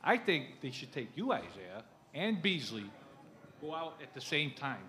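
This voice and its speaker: A man's voice: a little high, big pitch swings, measured pace, bright, forceful tone. A middle-aged man, a fan at a live show, asking a rambling question with many hesitations.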